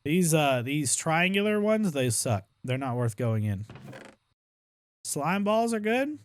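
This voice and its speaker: A young man talking his way through a video game run, his voice sitting a little high for a man. He jumps between loud excitement and exaggerated complaining, chatting to his viewers like friends. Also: slow, slight background noise. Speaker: gaming streamer. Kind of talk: casual gameplay commentary.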